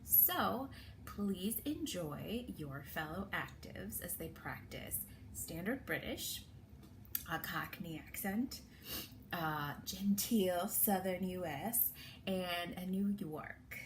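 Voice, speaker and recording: A woman's voice: lowish voice, expressive, slow, background noise. A woman acting teacher giving an upbeat, welcoming introduction over a video call.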